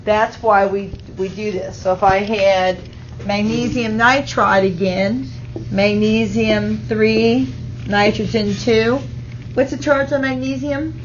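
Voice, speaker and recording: Her voice is mid-range, steady and a little slow as this high school chemistry teacher lectures, breaking things down step by step and checking in with the students often. The audio comes from an auto-tracking camera mic, slightly muffled, with slight background noise.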